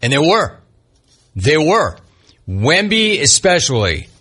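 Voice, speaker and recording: Male sports radio host, husky and bright, punchy and opinionated, faint music underneath. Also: fairly high pitch, very animated, takes it slowly. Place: radio studio.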